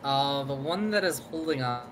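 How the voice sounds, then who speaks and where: A man's voice: medium pitch, lively intonation, normal speed, loud music behind the voice. Matter-of-fact man at the game table. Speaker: player. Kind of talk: casual tabletop game play.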